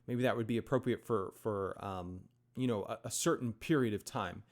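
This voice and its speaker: A piano teacher with a lowish voice and moderate pace gives a casual lesson, counting beats and singing rhythms in a relaxed, chatty way full of fillers and check-ins. Loud piano playing sounds alongside his voice.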